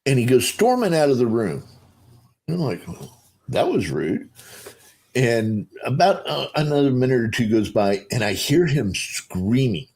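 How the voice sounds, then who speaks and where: A man's voice: mid-range voice, unhurried, breathy edge. A middle-aged man on a panel talk, telling a rambling story with lots of fillers and acting out the other people's voices as he goes. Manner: rambling, animated, acts out voices in his retelling. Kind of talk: casual storytelling on a video call panel.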